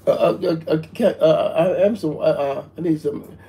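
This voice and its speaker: A man's voice: a little high, normal speed, dark tone, slight background noise. A man in joking banter, talking in an insistent, exasperated way and swearing freely. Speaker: co-host.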